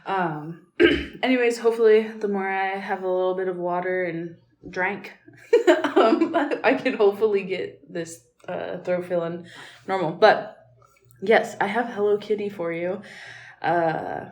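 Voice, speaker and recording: A woman co-hosting a podcast in casual chat, her voice groggy and hoarse, rambling with fillers and restarts. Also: medium pitch, a little slow. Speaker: podcast co-host. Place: tiled hotel room. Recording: echoey tiled room.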